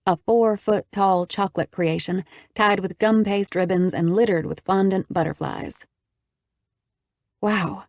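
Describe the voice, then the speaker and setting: A woman narrating a first-person audiobook in an even, measured storytelling manner with wry asides. Her voice is lowish with a steady creaky fry at phrase ends. It is recorded dry and close, with no room sound. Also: no echo.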